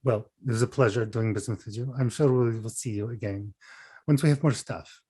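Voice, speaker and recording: A man playing a tabletop game, speaking in a relaxed, low-key way. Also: fairly quick, breathy edge. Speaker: player.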